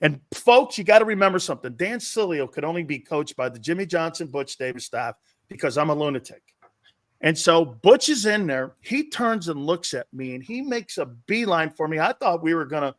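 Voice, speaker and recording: A man hosting a football show, telling stories in an animated, excitable way with loud bursts of emphasis. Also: on the high side, normal speed, no room sound, clean studio sound. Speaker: host and former player. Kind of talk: animated storytelling interview.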